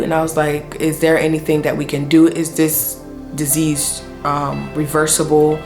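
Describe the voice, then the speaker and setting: A woman's voice: sits low, completely flat delivery, measured pace, soft background music. A young woman vlogger telling a personal story in casual, slangy speech full of fillers. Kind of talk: storytime vlog.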